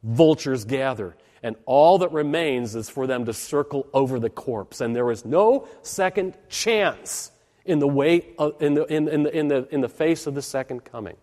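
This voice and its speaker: A man's voice: medium pitch, darkish tone, big-room sound. A man preaching a sermon with dramatic, rising and falling delivery and repeated phrases.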